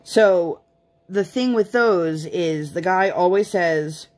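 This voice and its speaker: Rambling, chatty woman with a lowish voice. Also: slow pace, darkish tone. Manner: rambling, chatty, self-deprecating. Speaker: craft vlogger and mother. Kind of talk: casual chat to camera.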